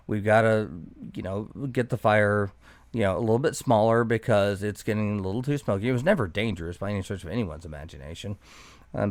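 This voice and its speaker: Low, smooth-voiced man telling a profane story. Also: no echo. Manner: profane, sarcastic, rambling. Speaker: podcast guest. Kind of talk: casual storytelling chat.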